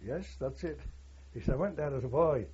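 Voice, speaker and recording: A man's voice: fairly high pitch, animated, brisk, a little mellow, husky. An older man, a war veteran telling rambling oral history anecdotes and quoting others with "he says". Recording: dull lo-fi recording.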